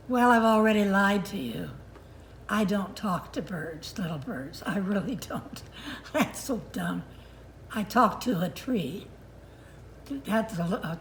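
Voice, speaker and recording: Older mom doing a slow jokey birthday video, faint ambience behind. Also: female voice, mid-range voice, a little hiss or hum. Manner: playful, teasing, then tender. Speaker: mother giving a birthday greeting. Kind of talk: casual video greeting.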